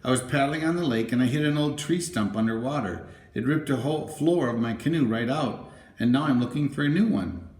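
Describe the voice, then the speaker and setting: A man voicing a jolly, very big and strong bachelor who talks in a hearty, booming way. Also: brisk, darkish tone, close to an everyday voice. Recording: roomy, echoey room.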